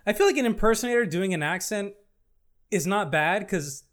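A man chatting as a podcast guest, animated and casually swearing. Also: sits high, normal speed. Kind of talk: casual chat.

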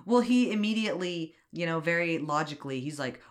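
Brief: an excitable host retelling a film plot with loose, swearing chat. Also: medium pitch, brisk, hardly any pauses. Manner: chatty, animated, swears freely. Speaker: podcast host. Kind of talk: casual movie recap.

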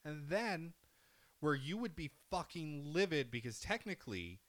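A man in casual podcast chat, telling a video game story in an animated way, swearing freely and acting out the characters. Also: a little high, normal speed. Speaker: podcast co-host.

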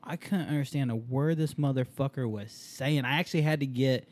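A man's voice: medium pitch, fairly quick, darkish tone. A man in his forties chatting casually, telling blunt, profane stories. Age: 40s. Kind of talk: casual chat.

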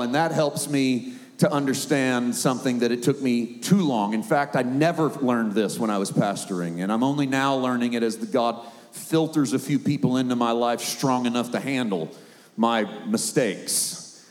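A man's voice: medium pitch, moderate pace, in a large hall. A middle-aged man preaching a sermon in a conversational way, sometimes acting out the voices he quotes.

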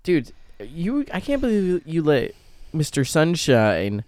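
A man hosting a laid-back podcast, joking and rambling with a smooth, clear voice. He is recorded close and dry, with no room sound. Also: on the high side, wildly swooping pitch, takes it slowly, a little mellow, no room sound. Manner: rambling, joking, stumbles over words. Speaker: podcast host. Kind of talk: casual podcast chat.

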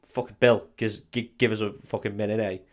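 A man's voice: fairly low pitch, level tone, fairly quick. A man, swearing a lot and laughing as he retells a film, acting out the characters' lines. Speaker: podcast co-host. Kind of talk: casual film recap chat.

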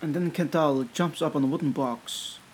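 A man's voice: a little high, normal speed, reverberant, slight background noise, poor audio. A man narrating a tabletop game as game master in a loose, conversational way.

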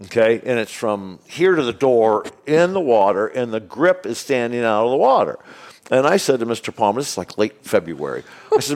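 A man's voice: mid-range voice, a little fast. A man in his sixties telling golf stories in casual chat, acting out the voices of the people in them and laughing often. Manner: animated, acts out voices in anecdotes, laughs often. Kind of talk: casual storytelling.

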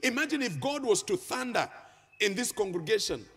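A man preaches in a reverberant church hall, his high voice swooping through a wide, lively range. He reads scripture aloud and lifts key phrases into a chanting, sing-song delivery. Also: moderate pace, slightly rough. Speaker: pastor. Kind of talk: sermon. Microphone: handheld microphone.

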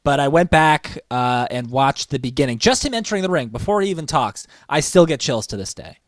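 This wrestling podcast co-host has a medium-pitched voice with lively intonation and a slightly fast pace, recorded without room sound. He's enthusiastically telling stories as he works through a countdown list in a casual chat.

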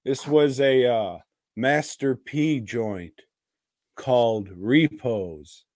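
Slow-talking crude man on a podcast. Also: medium pitch, a little mellow, no room sound, studio quality. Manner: crude, rambling, teasing. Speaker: podcast co-host. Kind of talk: casual chat.

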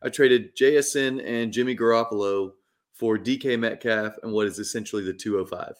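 A man's voice: on the low side, fairly even intonation, a little fast. A man co-hosting a casual podcast, explaining his moves in a methodical, detailed way. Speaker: podcast co-host.

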